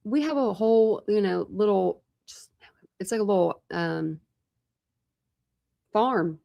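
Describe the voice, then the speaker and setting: A woman's voice: medium pitch, lively intonation, slow, creaky, warm tone. A woman hosting a true crime livestream, chatting casually and rambling with lots of fillers. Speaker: true crime channel host.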